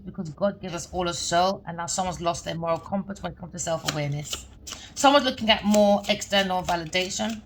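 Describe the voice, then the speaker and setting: A woman gives a spoken tarot reading to her viewers in a rambling, repetitive flow, frequently checking in with "okay?" or "all right?" Her voice is lowish and a bit bright, with a little hiss or hum.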